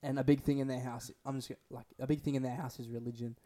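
A man's voice: mid-range voice, level tone, very fast, warm tone. A young man, a podcast co-host telling rambling, sweary stories in casual chat.

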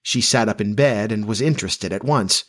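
A man narrating a classic storybook aloud in a measured, expressive reading. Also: on the low side.

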